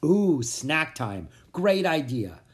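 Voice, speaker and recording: A storybook reader voicing Sophie, an excited, curious young girl. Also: medium pitch, slow pace.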